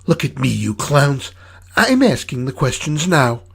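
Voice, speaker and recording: A man's voice: medium pitch, moderate pace, a little mellow, pitched above the performer's own voice, natural voice. A man voicing a huge, menacing female sideshow boss with a sweet, light voice and a bossy, threatening manner. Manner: bossy, threatening, shrieks when angry.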